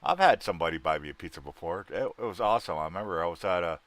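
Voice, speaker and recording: A man's voice: low-pitched, lively intonation, racing, a bit bright, dry recording. A man from Wisconsin chatting casually with his livestream viewers in a rambling, folksy way, with a salty word here and there.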